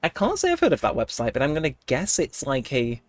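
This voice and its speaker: A young man, mid-pitched for a guy, livestreaming from home with a cold coming on. He rambles chattily to his viewers and laughs a lot. He talks into a desk mic. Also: huge pitch swings, fairly quick, no echo. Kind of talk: casual live-stream chat while gaming.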